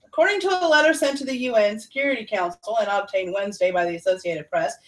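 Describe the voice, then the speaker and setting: A woman hosting a casual news livestream, reading articles aloud with sarcastic asides and answering chat. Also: on the high side. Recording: voice a bit far from the mic.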